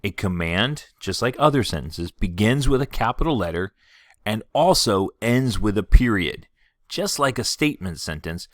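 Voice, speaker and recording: A man teaching a third grade class in a video lesson, explaining clearly and patiently, reading example sentences slowly and expressively. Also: on the low side, animated, no echo, studio quality.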